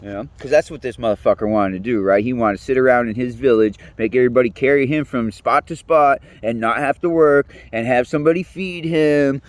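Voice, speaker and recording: A man's voice: mid-range voice, brisk, few pauses, no echo. A man rambling in a casual monologue, swearing constantly, chuckling mid-sentence and restarting his words.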